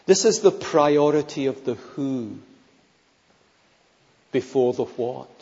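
Slow, emphatic male preacher in a hall. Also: medium pitch, expressive, dark tone. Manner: emphatic, rhetorical, repeats key phrases. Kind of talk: sermon. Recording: long reverb, slightly dull sound.

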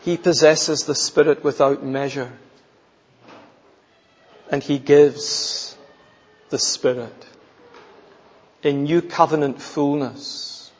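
Husky guy preaching slow, kinda high voice, dull echoey hall sound. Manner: emphatic, repeats phrases, drops to soft intensity. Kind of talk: sermon.

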